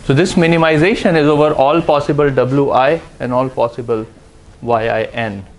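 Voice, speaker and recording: A man giving a university lecture, explaining step by step with frequent "uh" and "okay" pauses. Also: mid-range voice, steady tone, poor audio. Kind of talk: classroom lecture on game theory.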